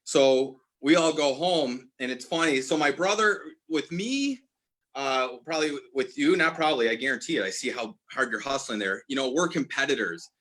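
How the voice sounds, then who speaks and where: A man's voice: medium pitch, expressive, moderate pace, fairly bright tone. A man in his forties telling a personal story as a podcast guest, earnest, often restarting and correcting himself. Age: 40s. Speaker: guest, apparel brand owner.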